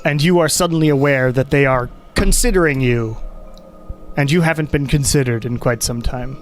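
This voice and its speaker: A man's voice: mid-range voice, moderate pace, soft background music. Man narrating as game master. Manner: rambling descriptive narration with fillers.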